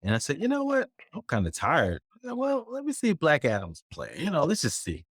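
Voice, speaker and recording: A man's voice: fairly high pitch, huge pitch swings, fairly quick, husky, no echo, clean studio sound. A man in his thirties co-hosting a pop culture podcast, easygoing and chatty, addressing listeners directly. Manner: easygoing, laughs along, talks to the audience. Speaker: podcast co-host. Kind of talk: casual chat.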